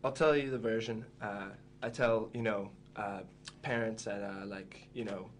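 A man's voice: lowish voice, fairly even intonation, normal speed, slight background noise. A young American man from Texas, a guest chatting in a rambling, laid-back way with lots of fillers. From Texas, USA. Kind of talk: casual chat.

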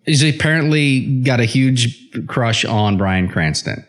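A man hosting a casual podcast who chats in an animated way, laughs often and restarts his sentences. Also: medium pitch, measured pace. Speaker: podcast host. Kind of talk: casual chat.

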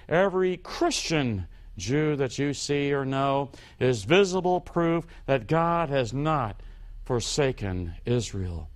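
A man preaching a sermon as pastor, slow and emphatic, his voice rising on key points and falling low at the ends of phrases.

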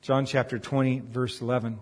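A man delivering a sermon, swinging from emphatic raised peaks to quiet, earnest asides. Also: medium pitch, little pitch movement, brisk, husky, long reverb tail. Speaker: pastor.

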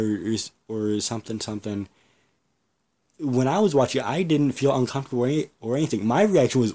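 A man's voice: mid-range voice, brisk, a little mellow. A man hosting a podcast alone, talking in a blunt, ranting way, swearing freely and often restarting his sentences. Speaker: podcast host. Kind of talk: casual solo podcast rant.

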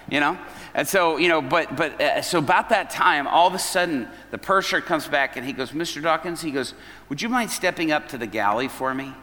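Bright-voiced preacher in a ringing hall. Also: male voice, fairly high pitch, expressive, fairly quick. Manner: retells events as dialogue, quoting each person. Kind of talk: storytelling sermon. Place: church hall at an evening service. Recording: long reverb of a large hall.

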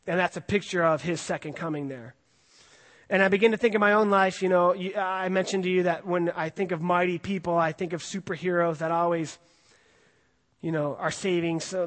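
A man preaching a casual sermon to his congregation, chatty and loose, with frequent fillers and restarts. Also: on the high side. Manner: conversational, with many fillers and restarts. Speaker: pastor. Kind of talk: casual sermon with scripture reading. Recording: long hall reverb.

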